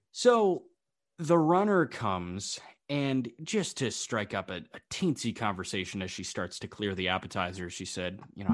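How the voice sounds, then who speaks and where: A young man co-hosting a sports podcast, telling a story in casual chat and acting out the voices of the people in it. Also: fairly low pitch. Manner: animated storyteller, acts out quoted voices. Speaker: podcast co-host.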